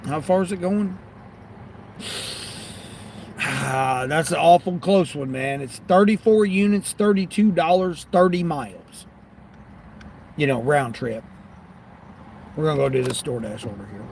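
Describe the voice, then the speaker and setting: Guy from the US rambling to his stream chat from his car, kinda high voice, bit of traffic hum. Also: unhurried, vocal fry, pauses often, a little mellow. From United States. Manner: rambling, talks back to chat. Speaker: delivery driver livestreamer. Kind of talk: casual livestream chat.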